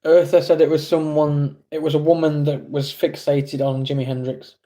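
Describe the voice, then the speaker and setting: A man's voice: on the high side, level tone, moderate pace, mellow. A man with an English accent streaming live, chatting casually with viewers in a rambling, self-deprecating way.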